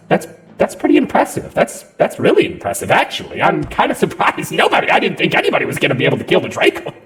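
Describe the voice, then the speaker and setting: A man's voice: a little high, gravelly, voice pushed up. A man voicing an awkward, chatty undead male wizard who rambles and apologizes sheepishly. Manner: rambling, sheepish, nervous laughs.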